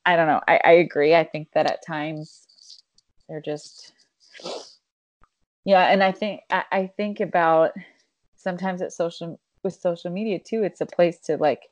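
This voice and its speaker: Woman, 30s, podcast co-host, lowish voice, dry close sound, thoughtful and casually profane. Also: steady tone, a little slow, pauses often, no room sound. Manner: reflective, explains with examples, swears casually. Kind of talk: casual chat.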